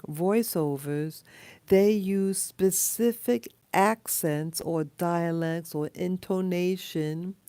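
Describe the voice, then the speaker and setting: A woman speaks in an unhurried, rambling monologue, low in pitch and mellow in tone. She trails off often, restarting phrases and filling gaps with ums and uhs. The sound is dry and close. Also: no room sound. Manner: rambling, halting with many fillers and restarts. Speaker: video blogger. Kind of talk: casual monologue to camera.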